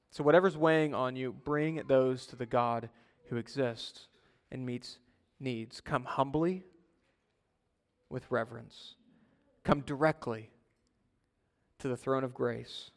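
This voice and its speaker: A male pastor delivers an earnest sermon in a sanctuary with a long, ringing reverb. He rises to loud, pressing exhortation, then drops to a quiet, low plea. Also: steady tone, a little slow. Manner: earnest, swinging from loud urging to soft low pleading.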